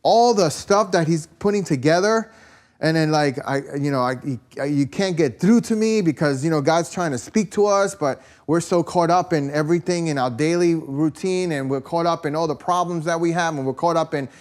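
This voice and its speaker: A man's voice: a little high, normal speed, darkish tone. A man preaching a conversational sermon, telling stories with lots of "you know" and rhetorical questions to his listeners. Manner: rambling storytelling, peppered with "you know" and "right?".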